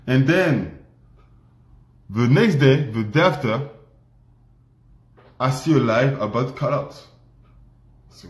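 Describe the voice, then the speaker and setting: Slow, emphatic man in a roomy echo. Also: mid-range voice. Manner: emphatic, repetitive, non-native English. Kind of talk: livestream rant.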